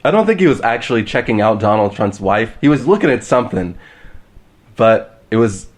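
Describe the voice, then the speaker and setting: A man's voice: fairly low pitch, expressive, a little fast. A young man hosting a podcast, chatting in an easygoing, slightly hesitant way. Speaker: podcast host. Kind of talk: casual chat.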